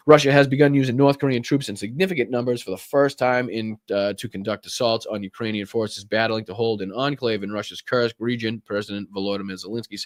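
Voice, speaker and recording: A man's voice: lowish voice, steady tone, a little fast, few pauses, dry recording, clean studio sound. A man with a Boston accent hosting a live political commentary stream, reading news aloud with sarcastic, profane asides. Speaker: political talk show host.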